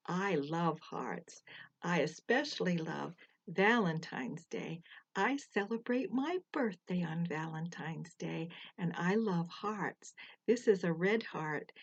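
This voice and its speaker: An older woman teaching a Bible verse to children, slow and deliberate, pausing so they can repeat after her. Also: fairly low pitch, dull audio. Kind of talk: slow, gentle children's lesson.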